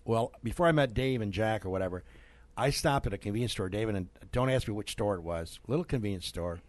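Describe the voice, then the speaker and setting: A middle-aged man hosting a local radio show, telling a story in a studio with lively asides and laughs. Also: on the low side, fast talker, no room sound. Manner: animated storyteller, laughs mid-sentence. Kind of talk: casual storytelling and sponsor reads.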